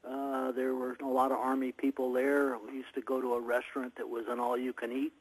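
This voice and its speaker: Husky-voiced male radio caller. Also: medium pitch, completely flat delivery, brisk, poor audio. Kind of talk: call-in radio anecdote.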